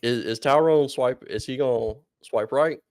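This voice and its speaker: Gravelly, laid-back male podcast co-host. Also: mid-range voice, moderate pace, a little mellow, no echo, studio quality. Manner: rambling storyteller, laughs often. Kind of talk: casual podcast chat.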